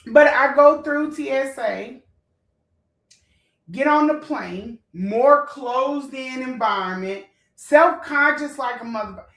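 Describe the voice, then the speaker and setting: A fired-up woman with a fairly high voice and rants to her viewers. She is blunt and profane, and her emotional telling rings in an echoey room. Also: slow, fairly bright tone, far from the mic. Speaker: vlogger. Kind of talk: heated storytime rant.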